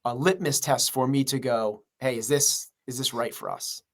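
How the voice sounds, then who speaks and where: A man's voice: mid-range voice, moderate pace. A man who runs a gym, speaking as a podcast interview guest in an earnest, rambling way full of fillers. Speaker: gym owner and coach.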